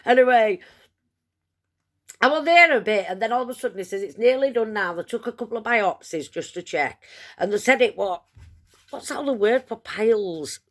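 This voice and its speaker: A woman's voice: on the high side, lively intonation, normal speed, a bit bright. A woman chatting to camera, telling a long story in a rambling, self-mocking way. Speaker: vlogger. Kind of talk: casual storytelling.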